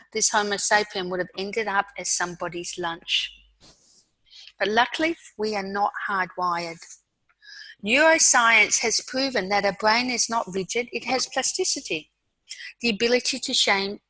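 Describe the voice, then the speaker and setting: A woman with an Australian accent giving a webinar talk on mindfulness, guiding listeners through an exercise in a calm, slow way with soft pauses. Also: mid-range voice, dry recording, low-quality recording. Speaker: mindfulness speaker.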